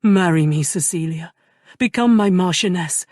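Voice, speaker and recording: A woman's voice: on the low side, moderate pace, no echo, clean studio sound, close to an everyday voice. Woman doing a tender remorseful nobleman. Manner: soft, earnest and intimate.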